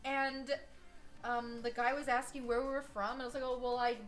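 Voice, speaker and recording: An American woman chatting casually on a live stream, telling rambling, animated stories. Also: high voice, normal speed, soft background music. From United States. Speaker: streaming artist.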